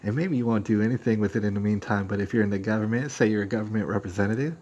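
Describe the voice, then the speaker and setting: A man's voice: lowish voice, fairly even intonation, rapid-fire, darkish tone, dull audio. A man hosting a live stream, telling a story in a rambling, emphatic way and acting out what other people said. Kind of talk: casual storytelling rant.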